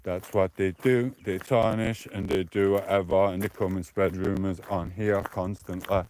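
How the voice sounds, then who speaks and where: A British man with a fairly low voice streams live from a handheld phone as he walks outside. He rambles in loose, casual chat and turns defensive now and then. Faint outdoor noise runs under his voice. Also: fairly even intonation, moderate pace, darkish tone. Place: outdoors, walking along streets.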